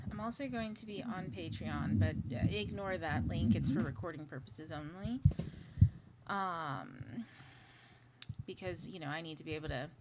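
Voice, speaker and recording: A woman hosting a casual livestream, chatting and thinking aloud while fixing her setup, sometimes whispering asides to herself. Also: mid-range voice. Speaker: livestream host. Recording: audible clicking noise.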